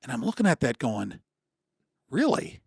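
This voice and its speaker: A man's voice: medium pitch, fairly quick, no echo, clean studio sound. A man in his sixties from Michigan, a podcast guest telling a personal story in casual conversation, acting out what others said with lots of restarts. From Michigan, USA. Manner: animated storyteller acting out dialogue, many restarts.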